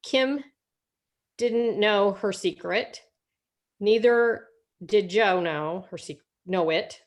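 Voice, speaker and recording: A woman's voice: mid-range voice, slow. A woman student reading a class story aloud, hesitating and checking her wording. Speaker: student reader.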